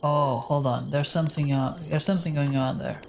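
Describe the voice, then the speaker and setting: A man with a soft voice chatting casually with his viewers while he streams a game, rambling as he plays. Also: a little high, steady tone, brisk, vocal fry, noisy background. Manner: rambling, talks to chat while playing. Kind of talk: casual live-stream gameplay chat. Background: faint game music.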